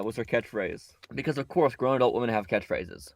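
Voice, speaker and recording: This podcast co-host has a medium-pitched voice and speaks fairly quickly. Chatting casually at a podcast recording setup, he rambles through a movie recap, joking and often catching and correcting himself.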